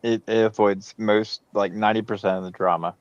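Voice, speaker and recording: A man's voice: fairly low pitch, fairly even intonation, fairly quick, clear, resonant tone. A laid-back man chatting on a live stream, speaking plainly and giving folksy advice. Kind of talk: casual live-stream chat. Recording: dull, lo-fi audio.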